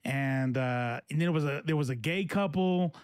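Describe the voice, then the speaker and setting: A man's voice: a little high, moderate pace, clean tone, dry recording, clean studio sound. A man hosting casual political commentary, talking in a rambling, profane way with many fillers and restarts. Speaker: host.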